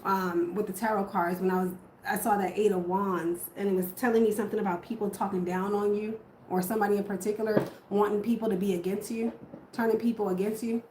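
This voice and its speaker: A woman's voice: medium pitch, fairly even intonation, quick pace, roomy sound, noisy background. A woman giving a casual tarot reading to camera, swearing freely and correcting herself as she goes. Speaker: tarot reader.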